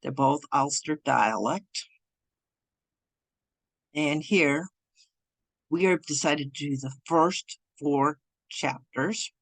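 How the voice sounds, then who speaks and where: A woman teaching an online beginners' language lesson over Zoom while sharing her screen, speaking in a loose, halting way with frequent restarts. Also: sits low, no room sound. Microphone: computer mic over Zoom.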